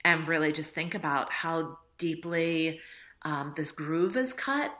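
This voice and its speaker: A woman's voice: deep voice, slow pace, fairly bright tone. A woman author talking reflectively in a casual interview, laughing often and acting out little dialogues. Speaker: author guest.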